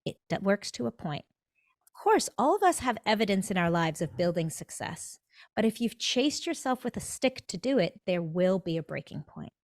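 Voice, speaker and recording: A woman's voice: mid-range voice, moderate pace, dry recording. Emphatic woman dentist, dry close sound. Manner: emphatic, animated, acts out inner thoughts. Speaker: podcast guest, dentist. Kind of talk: motivational conversational talk.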